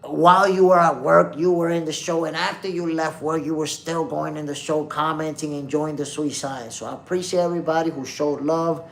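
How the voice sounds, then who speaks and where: Man, boxing stream host, raised pitch, gravelly texture, casual slangy chat. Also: steady tone, a little fast, few pauses, fairly bright tone. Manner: loose slangy street talk, addresses chat directly. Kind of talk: casual live-stream chat reading comments.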